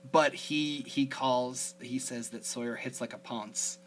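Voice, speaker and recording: A man's voice: mid-range voice, fairly even intonation, unhurried, a bit bright. A man hosting a casual podcast chat, rambling with lots of fillers. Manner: chatty, rambling, many fillers. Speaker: podcast host.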